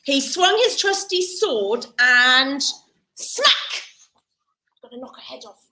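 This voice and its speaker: A woman teacher telling a story at a school assembly in a hall, playful and animated as she directs the children. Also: high voice, moderate pace, a little hiss or hum.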